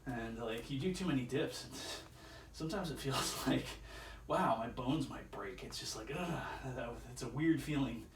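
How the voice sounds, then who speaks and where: A man's voice: mid-range voice, lively intonation, moderate pace, recorded from a distance. A man chats aimlessly through his home workout, muttering his rep counts and chuckling at his own stories. He sounds a little strained from the effort. The voice comes from across an echoey room, with a faint hum of ambient noise underneath. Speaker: vlogger doing a workout. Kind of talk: casual self-filmed workout commentary. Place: indoor room with chairs.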